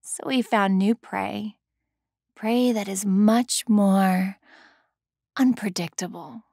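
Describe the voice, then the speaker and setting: A man voicing a sing-song, mocking female killer who taunts her prey slowly in a high voice. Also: creaky, a little mellow, no echo, studio quality, heavily acted. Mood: taunting.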